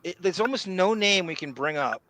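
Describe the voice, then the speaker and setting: A man hosting a podcast, animated and joking, with quick asides. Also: high-pitched, a little hiss or hum. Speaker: podcast host. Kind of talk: casual chat.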